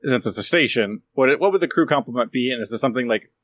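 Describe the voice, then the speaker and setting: A man's voice: mid-range voice, animated, quick pace, a bit bright, dry recording. A man playing a tabletop game as a ship's captain, asking questions and thinking aloud. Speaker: player, ship captain. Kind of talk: casual tabletop game play.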